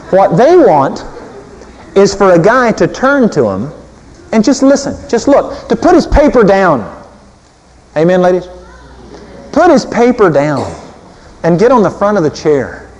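Male preacher, higher-pitched, animated and humorous, long hall reverb. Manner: animated, humorous, swinging from loud to soft. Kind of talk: sermon.

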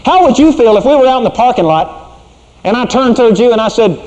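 Man, middle-aged pastor, sermon, folksy, mellow tone, long reverb. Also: very high-pitched, expressive, fast talker. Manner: folksy, conversational preaching; drops to a hushed tone for serious points.

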